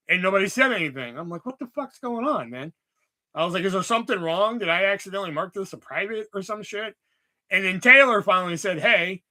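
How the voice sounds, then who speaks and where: A man's voice: fairly high pitch, pushed and bright. A man hosting a livestream, chatting casually about movies in a rambling, sarcastic way full of swearing. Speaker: livestream host.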